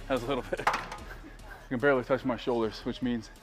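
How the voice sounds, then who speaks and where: A man talks through a workout for his vlog in a gym, cracking jokes and urging the viewer to keep going. His voice sits in an ordinary middle pitch and often comes out winded between sets. Light music plays faintly underneath. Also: fairly even intonation, brisk. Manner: joking, hypes the viewer while training. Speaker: fitness vlogger. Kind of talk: casual workout vlog narration.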